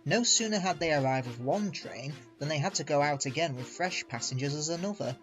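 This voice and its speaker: A man reading a children's railway storybook aloud in a measured, expressive way. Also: on the high side, soft background music. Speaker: reader. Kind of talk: storybook narration.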